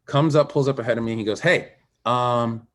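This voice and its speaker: A man who is a former Olympic swimmer, a podcast guest telling a personal story in a candid and emphatic way, dropping quiet and then rising. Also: medium pitch, very fast. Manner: animated, emphatic, swings between quiet and raised.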